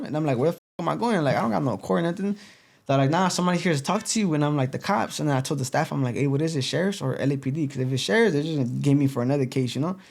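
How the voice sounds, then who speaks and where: A young man, a podcast guest telling his story in casual street slang, full of "you know" and "boom.". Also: creaky, darkish tone. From East Los Angeles.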